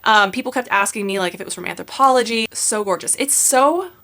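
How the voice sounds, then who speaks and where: A woman in her thirties with a light lilt chats casually through a fashion try-on haul. Her voice is bright and forward, and she gushes over every piece with chatty, filler-rich enthusiasm. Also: mid-range voice, a little fast. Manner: chatty, gushing, many filler likes. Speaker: fashion YouTuber.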